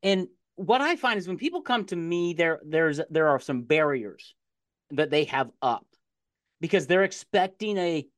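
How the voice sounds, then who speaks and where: A middle-aged man hosting a sales podcast interview in a casual, excitable way, often repeating words as he gets going. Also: on the high side, measured pace, no room sound, studio quality. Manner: animated, laughs easily, repeats words when excited. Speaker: podcast host.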